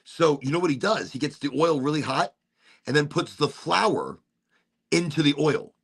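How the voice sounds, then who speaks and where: A man hosting a casual podcast chat, telling stories in an animated way and swearing freely. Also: on the high side, moderate pace, vocal fry, husky. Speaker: podcast host.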